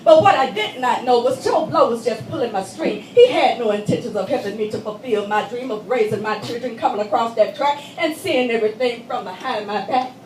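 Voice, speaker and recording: A woman's voice: on the high side, brisk, few pauses, darkish tone. A woman performing a dramatic monologue in emphatic, conversational storytelling style at a church meeting. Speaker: stage performer. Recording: echoey hall, voice from a distance.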